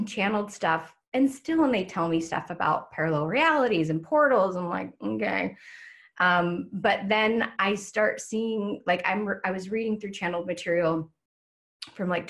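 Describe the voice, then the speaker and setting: A woman teaching casually on a live stream, chatty, with many filler words and frequent laughs. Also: mid-range voice. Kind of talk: casual talk.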